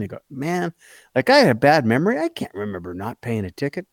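A man's voice: mid-range voice, quick pace, no echo, clean studio sound. A Canadian man co-hosting a radio morning show, telling stories in casual chat and acting out both sides of each exchange. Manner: animated, acts out both sides of his stories.

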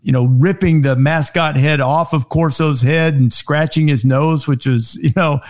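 A man's voice: unhurried, a little hiss or hum. A middle-aged man telling sports TV anecdotes in casual chat, acting out quoted lines in a raised voice. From Alabama. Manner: animated anecdotes, acts out quotes in high voices. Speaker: guest, sports TV host. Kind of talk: casual storytelling.

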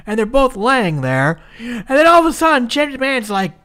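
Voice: mid-range voice, very animated, normal speed, fairly bright tone. A podcast co-host in their thirties, from Minnesota, recapping a wrestling match in casual chat, swearing freely and talking with lots of likes and restarts.

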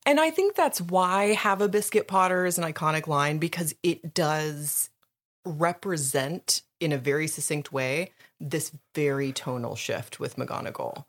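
A woman's voice: deep voice, a little slow. A woman co-hosting a podcast in casual book chat, emphatic, swearing freely and laughing often. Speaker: podcast co-host.

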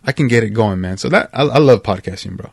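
A man's voice: fairly low pitch, lively intonation, quick pace, creaky, breathy edge, no room sound, studio quality. A man talking as a podcast guest in a casual, upbeat chat, often calling the host "bro" and "man". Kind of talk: casual conversational interview.

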